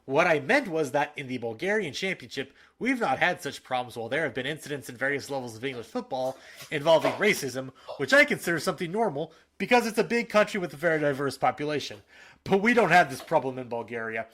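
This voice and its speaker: A man's voice: a little high, animated, fast talker, a bit bright. A man voicing a defensive male football official in a put-on Russian accent, with a stiff, dismissive delivery.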